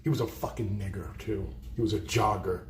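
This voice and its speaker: A man's voice: lowish voice, brisk, slight background noise. Blunt, profane man telling stories. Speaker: livestream host. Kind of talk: storytelling on a livestream. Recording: roomy echo.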